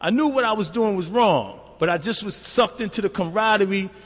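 A man's voice: high-pitched, brisk. An older man giving a recovery testimony in a loose, streetwise, conversational way. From New York. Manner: streetwise, loose and conversational, constant "you know". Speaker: speaker sharing at a recovery meeting. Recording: reverberant hall.

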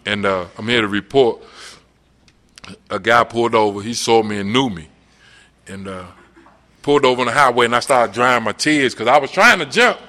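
A middle-aged man tells his own story at a recovery meeting in an earnest, conversational way, checking in with his listeners as he goes. His voice is bright and forceful, with a frank, personal testimony feel. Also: mid-range voice, normal speed, pauses often. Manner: earnest, conversational, repeats "you dig?".

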